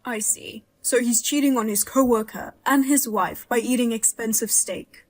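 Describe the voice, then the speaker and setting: A woman plays a blunt mother-in-law with a fairly high voice, sharp-tongued and quick to outrage. Her dark jokes come out in a cutting, vivid way in this dramatized story. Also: steady tone, natural voice.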